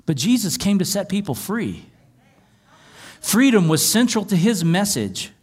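A man's voice: sits high, sing-song, unhurried, husky. A man preaching a sermon as pastor, reading scripture aloud and explaining it conversationally with wry asides.

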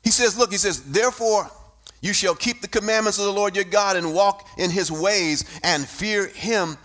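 Man, preacher, high voice, bright tone, rising sing-song shouts. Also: moderate pace, soft background music. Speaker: pastor. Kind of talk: sermon.

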